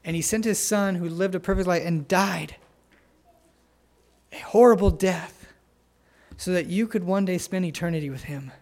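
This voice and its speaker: A man preaching an earnest sermon, telling family stories and pleading gently with listeners to come to faith. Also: sits high. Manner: earnest, pleading, tender pauses. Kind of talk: sermon with altar call.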